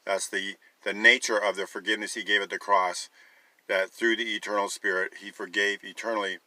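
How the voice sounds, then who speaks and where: A man's voice: on the low side, little pitch movement, brisk, bright, forceful tone, no echo, low-quality recording. A man giving an emphatic sermon-style talk, urging listeners and piling up rhetorical questions, with a wry, sarcastic edge. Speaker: Christian teacher.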